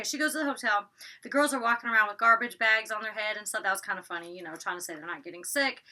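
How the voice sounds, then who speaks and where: Chatty Southern woman, bright voice. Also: mid-range voice. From Georgia, US. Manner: chatty, fast, peppered with "like". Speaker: reality TV recapper. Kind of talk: casual episode recap.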